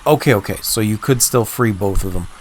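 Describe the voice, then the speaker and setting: A man's voice: on the low side, fairly quick, a little hiss or hum. A man livestreaming a game, thinking aloud in easygoing, chatty talk and answering chat, with a cough. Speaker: game streamer.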